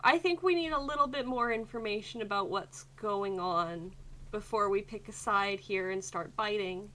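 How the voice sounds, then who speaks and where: Hesitant peacemaker adventurer gal, woman player voicing her, bright voice. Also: medium pitch, moderate pace, close to an everyday voice. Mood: earnest. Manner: hesitant, rambling.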